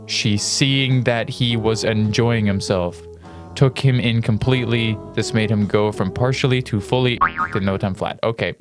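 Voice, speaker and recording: A man reading fanfiction aloud in a dramatic style, breaking off for amused, flustered asides. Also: lowish voice. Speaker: reader.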